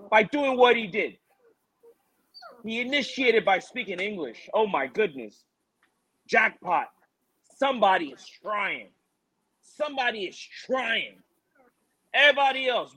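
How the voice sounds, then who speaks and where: A man with a strikingly high, sharp voice co-hosts a combat-sports preview. He rants in an animated, mocking way, full of exasperation. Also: slightly rough, low-quality recording. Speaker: MMA show co-host. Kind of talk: ranting fight preview chat.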